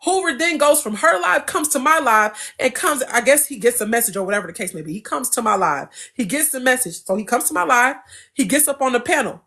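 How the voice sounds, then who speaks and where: A young adult woman as an interview guest, telling a story in a casual, animated, profane and emphatic way. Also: sits high, fairly quick.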